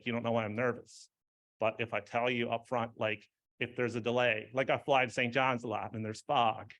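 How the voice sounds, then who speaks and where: A man's voice: mid-range voice, fairly bright tone. A man giving an informal speech at an award ceremony, rambling, with many fillers and frequent laughs.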